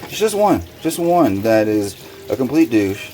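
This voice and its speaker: A man vlogging while he washes dishes at a kitchen sink, telling an upsetting story in an agitated way and getting louder when he recounts arguments. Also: mid-range voice, very animated, a little slow. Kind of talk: casual vlog monologue. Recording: noisy room with running water. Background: running water and dish washing.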